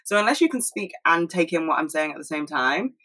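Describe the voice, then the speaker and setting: A young woman talking fast and rambling in a casual monologue at home, swearing freely. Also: deep voice, lively intonation, a bit bright, low-quality recording. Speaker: solo podcast host.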